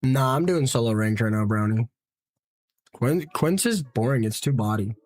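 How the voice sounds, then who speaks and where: A young adult streaming a battle royale game from a small room at home, talking straight into a close, dry mic. The voice swings widely in pitch as they keep asking in disbelief how everyone is shooting at them. Between fights they chat casually with viewers. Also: animated, normal speed, a little mellow, no room sound. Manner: exasperated, repeats disbelieving questions, talks to chat. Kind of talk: live gameplay commentary chatting with viewers.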